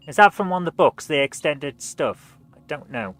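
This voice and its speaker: A woman hosting a live gameplay stream, chatting casually and thinking aloud while she plays, with quick reactions. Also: sits low, expressive, no echo, faint music behind. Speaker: streamer and show host.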